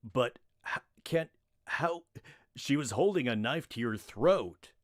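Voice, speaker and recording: A blustering city constable, gruff and loud, as a male narrator acts him out. His lines come out raised and forceful above the reader's deep voice. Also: animated, takes it slowly, no echo, studio quality, heavily acted. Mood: flustered.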